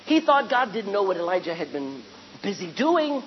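A woman's voice: mid-range voice, very animated, moderate pace, long reverb tail, muffled recording, slight background noise. A woman preaching a sermon to a congregation, asking rhetorical questions and acting out the lines she quotes.

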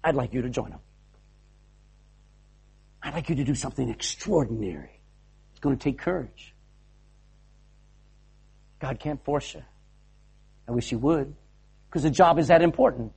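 A man's voice: medium pitch, expressive, normal speed, creaky, pauses often, darkish tone, slightly rough. A man preaching a sermon to a live audience, fervent and exhorting, calling people to action. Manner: fervent, exhorting, directs volunteers on stage.

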